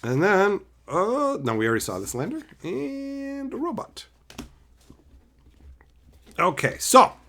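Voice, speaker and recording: A man's voice: high voice, slow pace, long pauses. A man live-streaming as he opens card packs, chatting casually and hurling profane, mock insults with frequent laughs. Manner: excitable, laughs often.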